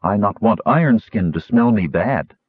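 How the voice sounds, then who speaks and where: A blunt, wild young raider girl, as a male narrator puts her on, talking in clipped, broken phrases with sudden high leaps. The audiobook sound is thin and phone-like, dry and a little husky. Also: lively intonation, normal speed, no echo.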